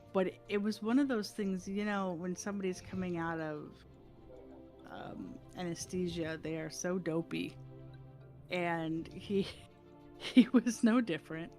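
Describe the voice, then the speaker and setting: A woman's voice: fairly low pitch, darkish tone. A woman livestreamer chatting casually, telling a story with lots of laughs and acted-out voices. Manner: chatty, laughing, acts out voices in her anecdotes.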